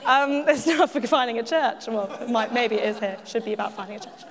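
A woman's voice: fairly high pitch, steady tone, fast. A woman giving a personal testimony at church, chatty and self-mocking, with frequent laughs and asides to the audience. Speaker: church speaker. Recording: echoey hall.

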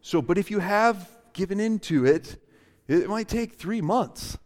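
Middle-aged male pastor, humorous conversational sermon delivery, slightly high voice, echoing church hall. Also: expressive, unhurried, darkish tone. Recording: long hall reverb.

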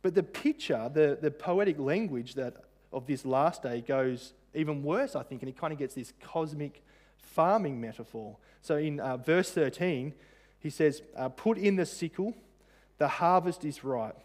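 A man's voice: fairly high pitch, moderate pace, darkish tone. A man preaching a sermon in a conversational way, with frequent fillers and rhetorical questions. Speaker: pastor.

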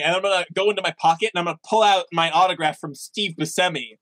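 A man's voice: high voice, fairly even intonation, quick pace, hardly any pauses, fairly bright tone. A man playing a tabletop role-playing game, joking around with playful, hesitant restarts. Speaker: player. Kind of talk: tabletop role-play banter.

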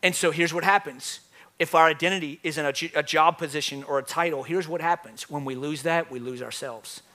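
Animated, high-voiced male pastor preaching. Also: a little fast. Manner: animated storytelling, swings from soft to loud. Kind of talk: sermon. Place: church with live audience.

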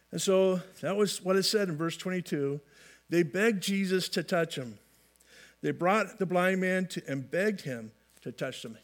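Man with a high-set voice preaching a casual, folksy sermon with light humor. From California. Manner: folksy, repeats and restarts phrases, light humor. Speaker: pastor.

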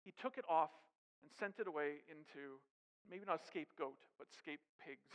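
A man with a high voice delivers a lively sermon, tossing in jokes and questions to his listeners. His voice rings with a long reverb, as if recorded in a big hall. The sound is dull and muffled. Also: normal speed. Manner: animated preaching with asides and humor. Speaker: pastor.

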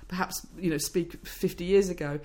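A woman with a low-pitched voice, a speech researcher explaining her work in an interview, thoughtful and fluent with frequent restarts. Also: fairly even intonation, normal speed, a little mellow. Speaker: speech scientist guest.

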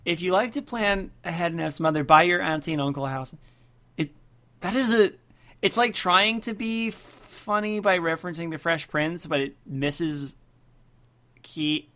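A man's voice: on the high side, moderate pace, sharp tone. A man co-hosting a casual comedy podcast, reading out list items and riffing on them sarcastically. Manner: sarcastic, reads list items aloud and riffs. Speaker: podcast co-host.

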